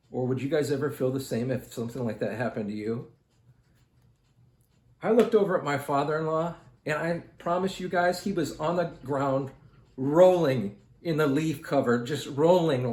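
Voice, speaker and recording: In a home room with audible echo and faint noise, a man who hosts an art channel draws while telling his viewers a wandering story. He talks to them straight and chattily in a mid-range, slightly mellow voice.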